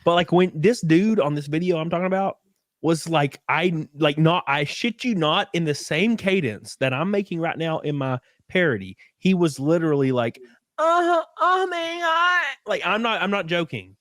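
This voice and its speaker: A tipsy man co-hosting a podcast, chatting crudely and animatedly, often laughing and breaking into high mocking voices. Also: moderate pace, no echo, clean studio sound. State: a little drunk. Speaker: podcast co-host. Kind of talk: casual crude banter.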